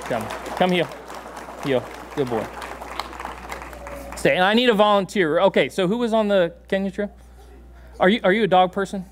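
High-voiced pastor preaching with a dog. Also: male voice, moderate pace, pauses often, a faint crowd. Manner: animated, laughing often, coaxing the dog with commands. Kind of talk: sermon with a live dog demonstration. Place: church sanctuary.

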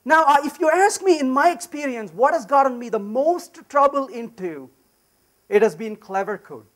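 Man, conference speaker, high voice, lively swooping delivery, emphatic storytelling. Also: moderate pace. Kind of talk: lively technical talk with personal anecdotes. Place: conference session room.

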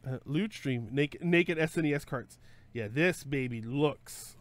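His pitch a little raised, a streamer host chats in a rambling, joking way while working through his thoughts on a live stream. He stumbles, starts sentences over and corrects himself, with frequent "uh"s and "um"s, at a measured pace. The recording is close and dry, with no echo or room around it.

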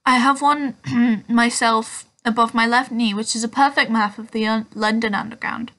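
Woman reading wise old headmaster wizard, calm and measured, storybook. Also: on the high side.

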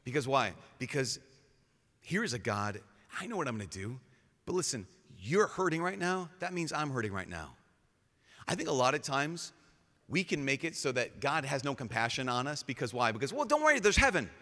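A man, a priest, giving a lively storytelling talk with casual fillers, acting out quotes in changing voices. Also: mid-range voice, moderate pace. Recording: live talk with long hall reverb.

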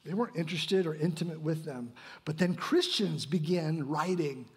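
A man's voice: fairly high pitch, normal speed, husky. A male pastor delivering a sermon, asking rhetorical questions and tagging points with "right?". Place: church sanctuary.

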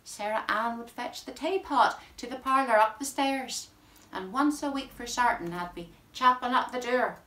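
A woman's voice: fairly high pitch, normal speed, pushed and bright, voice pushed up. A woman with a Northern Irish accent reads a dialect poem in the voice of a rueful, greying bachelor farmer, in broad rural speech. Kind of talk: poetry reading in dialect. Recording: roomy sound from a distant mic.

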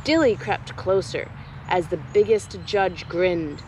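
A young adult woman, a nature educator, reading a rhyming picture book aloud to children at a slow pace. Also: fairly low pitch, lively intonation, a little mellow, slight background noise, poor audio.

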